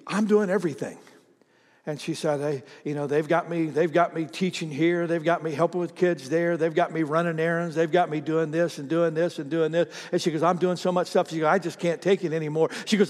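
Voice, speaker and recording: A pastor with a fairly high voice preaches at a normal pace, telling lively stories in which he acts out the characters' voices. He calls on the congregation to respond, and his words ring through a reverberant church hall full of people.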